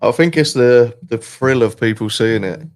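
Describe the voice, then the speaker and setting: A man's voice: mid-range voice, moderate pace. Laid-back man hosting a call-in stream. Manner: laid-back, rambling, swears casually. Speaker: stream host. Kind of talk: casual live stream chat.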